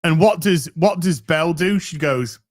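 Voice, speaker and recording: A man's voice: on the high side, moderate pace. A man hosting a live stream who chats casually to his viewers, swearing freely and often restarting his phrases. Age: middle-aged. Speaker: livestream host.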